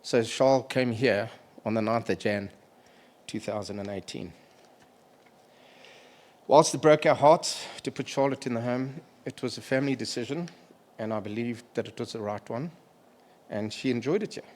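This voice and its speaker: A middle-aged man delivering a memorial eulogy for a family member, halting and emotional, pausing to clear his throat. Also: medium pitch, a little mellow.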